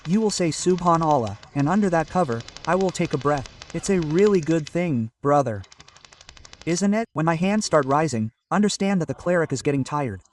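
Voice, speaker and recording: A man's voice: fairly high pitch, slight background noise. A male cleric preaching a sermon from India, emphatically coaxing the gathering to call back their responses. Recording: distant mic with loud crowd.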